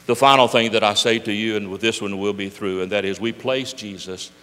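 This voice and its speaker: A man's voice: fairly low pitch, steady tone, a little fast, sharp tone. An older man preaching a sermon, emphatic and full of rhetorical questions. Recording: echoey hall.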